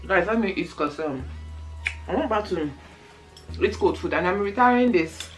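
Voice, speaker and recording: Lively Nigerian woman telling a story. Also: on the low side, normal speed, over music, poor audio. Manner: lively storyteller, often laughing. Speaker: vlogger. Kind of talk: casual mukbang storytelling.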